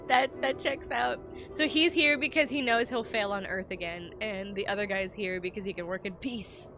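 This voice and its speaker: A woman streaming a video game, commenting live and reading the game text aloud, animated and joking, swearing freely. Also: medium pitch, normal speed, music in the background. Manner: animated, swears freely, jokes and reacts loudly.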